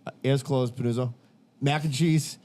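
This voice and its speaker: A man from Massachusetts hosts a casual podcast, telling rambling, profane stories and acting out what people said. His voice sits in the mid-range with a darkish tone, fairly even intonation and a moderate pace.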